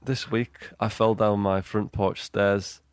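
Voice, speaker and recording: A man co-hosting a casual comedy podcast, telling mishaps in a halting, deadpan way. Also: fairly low pitch, clean tone, no room sound. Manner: halting, deadpan storytelling with fillers. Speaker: podcast co-host.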